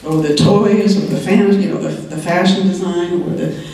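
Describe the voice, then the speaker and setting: A woman's voice: lowish voice, steady tone, normal speed, gravelly, warm tone. Chatty older woman in an echoey hall. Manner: chatty, laughs often while telling stories. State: slightly hoarse, clearing her throat. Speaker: TV writer on a convention panel. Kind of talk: anecdotal convention talk. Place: large convention hall. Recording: very echoey hall, voice heard from far off.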